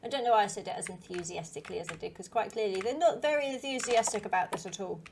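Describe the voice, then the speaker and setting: A woman's voice: mid-range voice, quick pace, vocal fry, a little mellow, a little hiss or hum. A woman hosting a gaming channel, talking through a story game in a thoughtful, speculative way. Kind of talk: game commentary.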